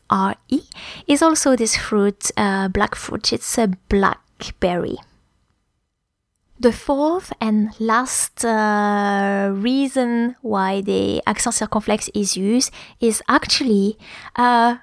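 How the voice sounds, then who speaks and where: Soft-voiced lady teaching vocab, goes real slow, spells stuff out, dry sound. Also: on the high side, dry recording. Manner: slow, careful, spells words letter by letter. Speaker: French teacher. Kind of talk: language lesson.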